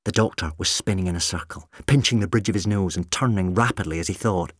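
A man narrating an audiobook in an expressive storytelling manner. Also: low voice, fast talker, husky, no echo, studio quality.

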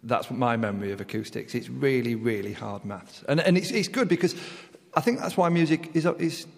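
A man's voice: mid-range voice, lively intonation, moderate pace, vocal fry. A man in his thirties, a comedian guest on a panel, self-deprecating. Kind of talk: panel show chat. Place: concert hall used as studio. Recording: long concert hall reverb.

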